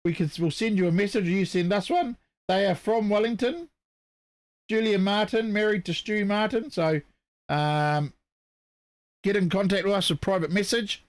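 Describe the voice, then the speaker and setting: A man's voice: high-pitched, moderate pace, no echo. A man from New co-hosting a casual live show, chatty and apologetic, reading out viewer comments while losing his voice. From New Zealand. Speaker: co-host. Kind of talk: casual live-stream chat.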